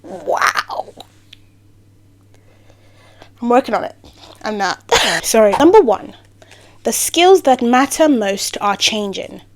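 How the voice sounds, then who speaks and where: A woman's voice: on the high side, lively intonation, measured pace. A woman giving a motivational talk to camera, playful and sarcastic, breaking off into rambling asides. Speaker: vlogger.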